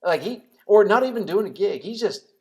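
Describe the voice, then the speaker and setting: A man's voice: high-pitched, animated, brisk, a little mellow. A man in casual podcast chat as a guest, joking and rambling loosely.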